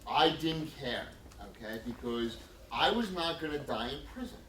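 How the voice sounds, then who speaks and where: Animated man telling his story in a hall. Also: mid-range voice, normal speed, heavy background noise. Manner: animated, emphatic, acts out quotes. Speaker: exonerated speaker at a college lecture. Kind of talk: storytelling talk to an audience. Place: lecture room. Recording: roomy hall sound from a distant mic.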